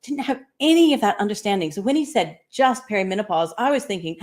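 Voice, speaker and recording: An American woman in her sixties whose accent has picked up a slight Australian tinge. She tells her story as a guest, chatty and upbeat. Her voice sits at a middle pitch and comes through a video call. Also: animated, fast, hardly any pauses, darkish tone. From United States. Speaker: guest entrepreneur. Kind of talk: interview storytelling.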